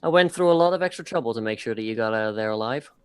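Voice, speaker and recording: A male player speaking in character in a tabletop role-playing session, firm and terse. His voice is smooth and resonant, and the recording is completely dry. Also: mid-range voice, lively intonation, very fast, dry recording.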